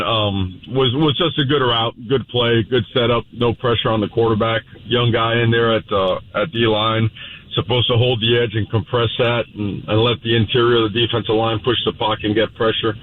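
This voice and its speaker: A man, a head football coach, talking bluntly on a radio interview and breaking down plays in coaching jargon. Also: medium pitch. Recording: tinny phone line.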